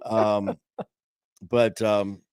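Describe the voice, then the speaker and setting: A middle-aged man with a lowish voice hosts a live show from a small studio, talking loosely and telling jokes. He rambles through fillers and restarts into a studio mic. The sound is dry and close. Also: little pitch movement, very slow, a little mellow, smooth, no room sound. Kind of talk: rambling casual chat with joke-telling.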